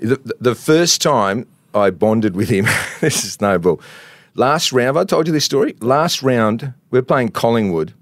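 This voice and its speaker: A man's voice: medium pitch, lively intonation, unhurried, no room sound, studio quality. An Australian man co-hosting a casual sports talk show, telling anecdotes and laughing often. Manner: laughs often, tells anecdotes with mimicked quotes. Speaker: co-host, former footballer and columnist. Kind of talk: casual podcast banter and storytelling.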